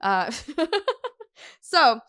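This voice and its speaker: A woman's voice: high voice, sing-song, very slow, fairly bright tone, no echo, studio quality. A woman co-hosting a podcast in casual chat, giggling often and trailing off with fillers. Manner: giggly, laughs often mid-sentence; trailing filler-heavy phrasing. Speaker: podcast co-host.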